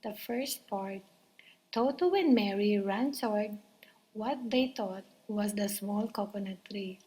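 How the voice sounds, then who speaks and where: A woman storyteller reading a children's book aloud with soft, expressive narration. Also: mid-range voice, slow, husky, rough recording.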